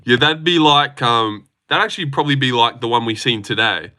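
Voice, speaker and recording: Talking fairly quickly in a mid-range voice, a young Australian man hosts a casual livestream. He reads out comments and keeps up a loose, excitable stream of banter, swearing freely.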